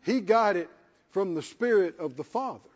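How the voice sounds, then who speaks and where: A man's voice: high voice, expressive, moderate pace. A man preaching a sermon in an emphatic, folksy way, repeating himself for effect. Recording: lo-fi with long hall reverb.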